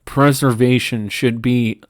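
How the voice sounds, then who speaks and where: A tired man hosting a gaming channel, ranting in a halting, profane monologue with frequent restarts. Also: mid-range voice, fairly even intonation, no room sound, clean studio sound. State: tired from lack of sleep.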